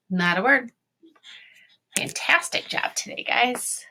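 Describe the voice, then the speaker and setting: A woman teacher giving an online phonics lesson to young children, sounding out words slowly and cheering them on. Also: medium pitch, gravelly, sharp tone, slight background noise.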